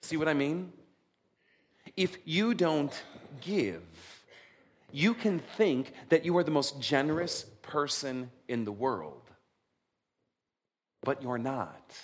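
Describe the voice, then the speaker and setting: Animated conversational male pastor. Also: a little high, slow, long pauses, a little hiss or hum. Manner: conversational, animated, frequent "right?" check-ins. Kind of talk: sermon.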